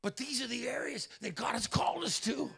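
A male pastor preaching a sermon in a church, telling stories animatedly with loud exclamations. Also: extremely high pitch, brisk, vocal fry, slightly rough.

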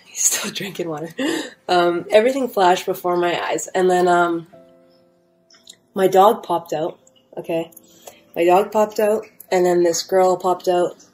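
A woman's voice: fairly low pitch, a little mellow, slight background noise, rough recording. A young woman telling her own story in a casual, rambling way, full of fillers and restarts, at home. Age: young adult. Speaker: storyteller sharing a near-death experience. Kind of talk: casual first-person testimony.

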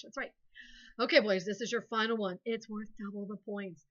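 A woman, a second grade teacher giving a playful, animated phonics lesson to young children. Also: mid-range voice, normal speed, highs cut off.

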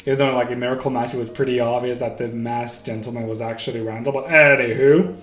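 A man hosting a casual solo podcast, rambling and excitable, often stopping to correct himself, on a home microphone. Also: mid-range voice, quick pace. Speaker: podcast host. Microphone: home microphone, may clip. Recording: echoey room with faint music.

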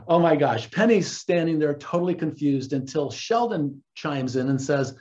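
A man hosting a casual recap, animated and quick to laugh as he retells the story. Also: fairly high pitch. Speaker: host. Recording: dull lo-fi recording.

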